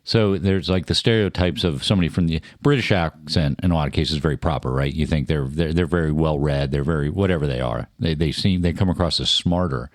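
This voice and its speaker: A man's voice: very deep voice, brisk, few pauses, dry recording, studio quality. A man born in Germany co-hosting a radio talk show, telling a chatty anecdote. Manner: chatty storyteller, explains things. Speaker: co-host. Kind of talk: casual chat, anecdote telling. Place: radio studio.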